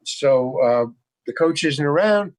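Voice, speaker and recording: Older american guy, kinda high voice, rambly, keeps restarting sentences, dry close sound. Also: lively intonation, slow, dry recording, poor audio. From United States. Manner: emphatic, rambling with many restarts. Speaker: guest actor. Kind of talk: casual storytelling interview. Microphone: video call.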